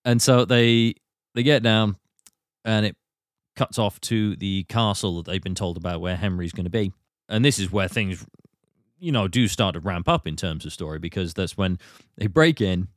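A British man hosts a relaxed film chat with a lowish voice, recapping scenes and breaking into quick impressions of the characters. His voice is close and dry, with no room around it. He rushes through his recaps and swoops up high whenever something amuses him. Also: no echo. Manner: animated retelling, slipping into quick impressions. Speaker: podcast host. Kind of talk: casual film discussion.

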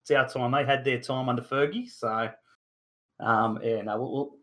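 An Australian man in his thirties hosts a casual sports chat show with a middle-pitched voice. He rambles freely, leaning on fillers and the occasional mild curse word. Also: steady tone, normal speed, a bit bright. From Newcastle, Australia. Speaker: podcast host.

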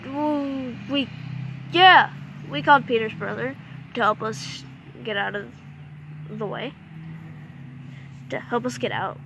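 A woman spins a silly adventure yarn in a high, bright voice. She jokes at her own expense and makes her own mouth sound effects. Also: slow pace, creaky, pauses often, a little hiss or hum. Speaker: storyteller. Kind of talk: playful comic storytelling.

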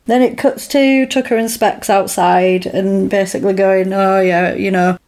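A woman's voice: mid-range voice, unhurried. Woman animatedly retelling a story. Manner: animated retelling, acting out lines with laughs. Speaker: podcast co-host recapping a film. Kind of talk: casual chat.

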